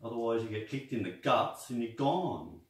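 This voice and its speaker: A man's voice: medium pitch, animated, normal speed. A man teaching martial arts breathing in a loose, rambling way, guiding the listener through breathing counts. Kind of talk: casual instructional talk. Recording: echoey room, distant mic.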